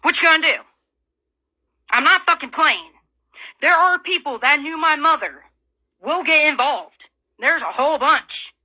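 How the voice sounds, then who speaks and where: A woman's voice: high-pitched, expressive, a little slow, long pauses, bright, forceful tone. A woman from Illinois delivering an angry, profane, confrontational rant straight to her audience, full of taunting rhetorical questions. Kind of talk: angry direct-to-camera rant.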